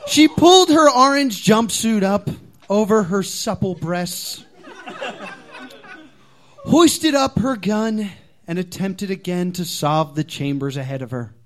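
A man reads his own comic fan fiction to a live comedy crowd, playing up the drama. His voice runs high and swings widely, rising and dropping for effect. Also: very animated, slow pace, a bit bright.

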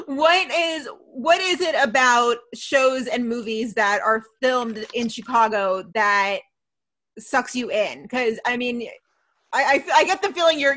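A woman hosting an interview, asking questions in a relaxed way with fillers. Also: fairly high pitch. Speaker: interviewer, podcast host. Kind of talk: casual interview conversation.

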